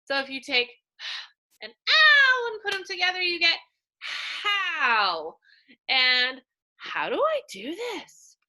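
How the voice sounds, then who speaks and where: A woman teacher giving a slow, animated sight-word lesson to young children, pointing to pictures as she goes. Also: very high voice.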